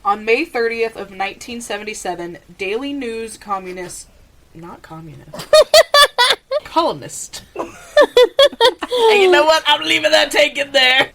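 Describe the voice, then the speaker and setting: A woman hosting a true-crime podcast. She reads old letters aloud in a steady, deliberate voice and laughs off her own slips. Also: sits high, noisy background. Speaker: podcast host.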